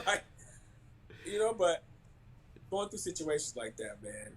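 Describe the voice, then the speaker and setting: Animated man telling stories. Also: fairly high pitch, slow pace, rough recording. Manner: animated storyteller, laughs often, acts out quotes. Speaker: guest, former basketball player. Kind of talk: casual podcast chat.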